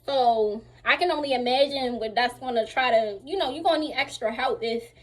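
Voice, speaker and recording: Chatty young woman with a high voice. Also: fairly quick. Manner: chatty, animated retelling with acted-out quotes. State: sore, recovering from surgery. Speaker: vlogger. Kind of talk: casual storytime while getting dressed.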